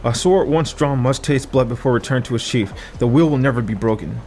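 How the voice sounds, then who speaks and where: A man's voice: medium pitch, brisk, darkish tone, slight background noise, close to an everyday voice. A man voicing a fierce, hot-tempered woman enforcer who speaks with an intense growl in an audiobook. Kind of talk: audiobook character voice.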